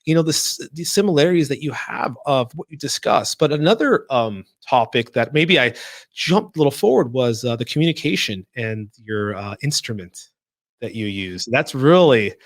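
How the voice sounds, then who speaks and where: A man hosting an interview podcast, talking with enthusiasm in halting, rambling sentences. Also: mid-range voice, expressive, dry recording, studio quality. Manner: enthusiastic, halting, restarts and fillers. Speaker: podcast host. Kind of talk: casual interview chat.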